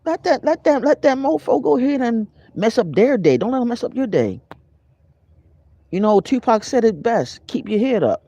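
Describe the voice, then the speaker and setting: A spiritual vlogger with a very high-pitched voice gives a casual motivational spiritual talk at a moderate pace. He is animated and conversational, greeting his live viewers by name as he goes, and there is no echo.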